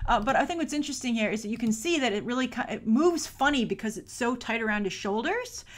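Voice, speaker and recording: A woman's voice: a little high, expressive, fast. A woman hosting a film review show, casually breaking down a trailer with chatty, rambling enthusiasm. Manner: chatty and rambling, many "like" fillers; enthusiastic fan gushing.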